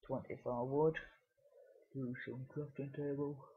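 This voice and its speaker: British guy chatting while he plays, lots of ums, kinda breathy voice. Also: medium pitch, flat delivery, a little slow, phone-quality sound. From United Kingdom. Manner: rambling, with many fillers and restarts. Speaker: gaming video creator. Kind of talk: casual gameplay commentary.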